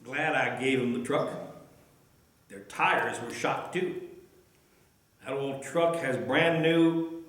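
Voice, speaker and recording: A man's voice: medium pitch, slow, pauses often, a bit bright. A man voicing a lonely, kindly old gas station owner who speaks in a plain folksy drawl, in a story told during a church message. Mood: musing. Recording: echoey room.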